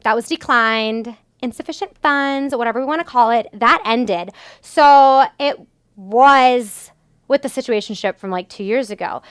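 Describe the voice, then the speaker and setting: A woman's voice: a little high, unhurried, clean tone, no echo, clean studio sound. A young adult woman hosting a podcast, telling a story in a casual, exasperated way with lots of filler words. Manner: exasperated, animated retelling with many "like" fillers. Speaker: podcast host.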